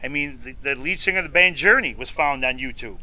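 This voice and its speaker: A man's voice: medium pitch, lively intonation, fast, sharp tone, rough recording. A middle-aged man from upstate New York telling a long story on a podcast, acting out both sides of each conversation. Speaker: podcast guest, food show host. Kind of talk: casual storytelling interview.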